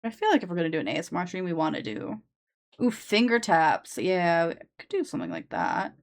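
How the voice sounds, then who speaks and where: Rambling low-voiced woman streamer. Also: wildly swooping pitch, fast talker, creaky. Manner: rambling, many "like" fillers and restarts. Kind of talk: casual live-stream chat. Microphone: sensitive desk microphone.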